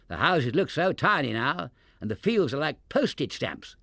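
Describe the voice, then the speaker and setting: A man's voice: a little high, very animated, normal speed, vocal fry, sharp tone, dry recording, clean studio sound, heavily acted. A man doing a wry, genteel bear husband. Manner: wry and chuckling.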